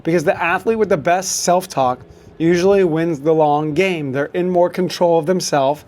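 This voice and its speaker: A man's voice: a little high, normal speed, darkish tone. A man hosting a solo sports podcast, coaching listeners in a motivational way. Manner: coaching, motivational, with fillers and restarts.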